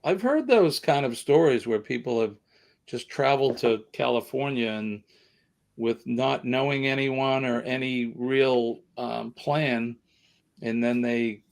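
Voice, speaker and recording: Southern US man, live-stream host, gravelly voice, chatty and rambling. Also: medium pitch, measured pace. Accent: American Southern. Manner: rambling, chatty, many fillers. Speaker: livestream host. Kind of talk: casual live-stream chat.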